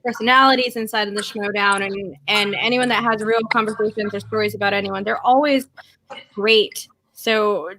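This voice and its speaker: A woman's voice: mid-range voice, steady tone, normal speed, pushed and bright, rough recording. A woman co-hosting a podcast, speaking in an effusive, upbeat way. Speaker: podcast co-host. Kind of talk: casual podcast chat.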